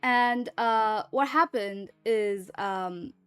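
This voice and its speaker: A woman's voice: mid-range voice, drawn-out words, a bit bright, clear, resonant tone, dry recording, faint music behind. A woman streamer in casual livestream chat, rambling and chatty and swearing freely.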